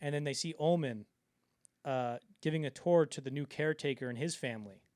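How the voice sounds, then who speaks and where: A man's voice: a little high, a little fast, a little mellow, no room sound, clean studio sound. A man co-hosting a film podcast in casual chat, rambling with lots of fillers and acting out the quotes he retells. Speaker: podcast co-host.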